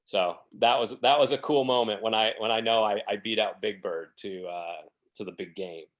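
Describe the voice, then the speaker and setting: A man's voice: fairly low pitch, steady tone, normal speed. A man telling rambling, self-deprecating stories as a podcast guest, acting out the quotes of other people. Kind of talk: casual storytelling.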